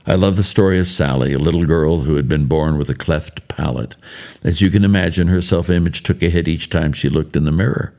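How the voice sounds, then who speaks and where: A man in later life giving a spoken devotional, telling stories in a measured, earnest way. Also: very deep voice, darkish tone. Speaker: devotional speaker.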